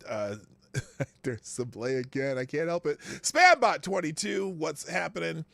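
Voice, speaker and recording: Unhurried and expressive, a livestream host speaks in a fairly high, pushed, bright voice with vocal fry, captured in a dry recording. He greets viewers by name as he reads the chat, rambling chattily and chuckling to himself.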